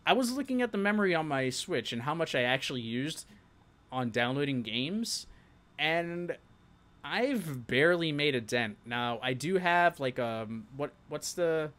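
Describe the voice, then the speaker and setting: A man's voice: medium pitch, fairly bright tone. A young man from New York with a New York accent, hosting a live-stream show and chatting casually with viewers, laughing often.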